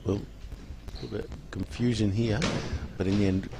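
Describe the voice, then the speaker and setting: Male play-by-play caller, deep register, live commentary that swells to shouts at goals. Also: moderate pace, gravelly, heavy background noise. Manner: rises to excited shouts at goals.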